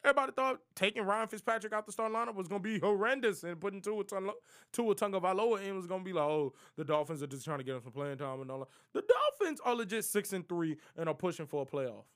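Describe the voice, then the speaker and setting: A young man with a high, light voice running through his football picks. He talks in loose slang and gets animated as he trash-talks the teams he doubts. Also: quick pace. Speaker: sports prediction vlogger. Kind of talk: casual NFL picks monologue.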